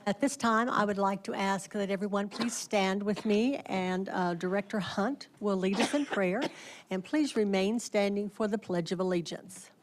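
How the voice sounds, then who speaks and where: A woman chairs a city board meeting, speaking in a medium register with an even, measured delivery. Her instructions come politely, with an occasional filler. She sounds recorded inside a council chamber. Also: mid-range voice, a little hiss or hum. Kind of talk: formal meeting procedure.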